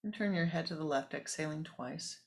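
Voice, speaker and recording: A spiritual teacher giving a sermon, telling a parable calmly and guiding a meditation. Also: medium pitch. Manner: calm, measured storytelling with pauses.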